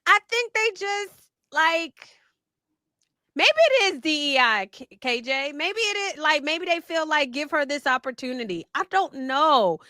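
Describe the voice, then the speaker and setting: Animated, bright-voiced woman chatting. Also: high-pitched, slow, no room sound, studio quality. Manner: animated, laughing, many restarts. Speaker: commentator. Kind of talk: casual panel chat.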